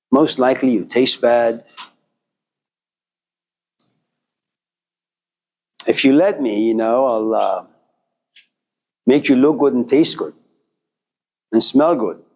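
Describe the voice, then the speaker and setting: A man's voice: mid-range voice, takes it slowly, long pauses, a little mellow. A man voicing a blunt male cook who speaks frankly in a parable.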